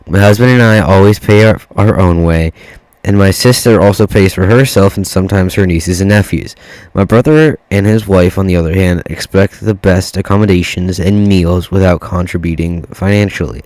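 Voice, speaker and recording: Low-voiced guy reading reddit stories, swears a lot, dry close sound. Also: a little mellow, no echo, low-quality recording. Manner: swears freely, reacts to typos mid-read. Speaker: reddit story reader. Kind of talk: casual reading and commentary.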